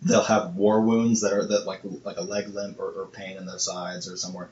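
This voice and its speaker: A low-voiced man chatting on a podcast, often stuttering on repeated words before he gets going. He reads accounts aloud in a loose, casual way. The recording is echoey and muffled, with a faint hiss behind him. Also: little pitch movement, normal speed, a little mellow. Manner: stammering restarts, reads testimonies aloud. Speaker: podcast co-host. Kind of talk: casual chat.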